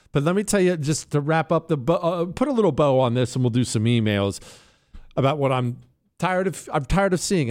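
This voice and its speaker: A man hosting a talk radio show, giving an emphatic, ranting opinion monologue and mocking the people he quotes. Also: medium pitch. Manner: mimics others in whiny quotes.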